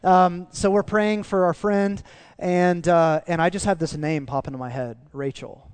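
A male pastor delivers a sermon in a relaxed, storytelling way, earnest and conversational. His voice sits on the higher side for a man, and the sound is close and dry with almost no room around it. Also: normal speed, clean tone, no echo. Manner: conversational, earnest, dips soft in emotional parts.

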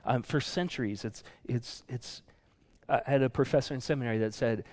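A pastor delivers a sermon in a loose, chatty way, full of fillers, circling back and correcting himself as he goes. His voice sits at an ordinary middle pitch with a darkish tone and normal speed, leaping high whenever he acts out what other people say.

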